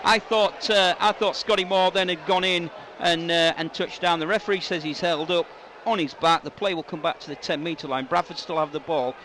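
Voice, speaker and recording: A man giving live radio commentary on a rugby league match, his voice rising into shouts on attacking plays. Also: a little high, fairly even intonation, moderate pace, hardly any pauses. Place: stadium commentary position. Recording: outdoor stadium with loud crowd and noise.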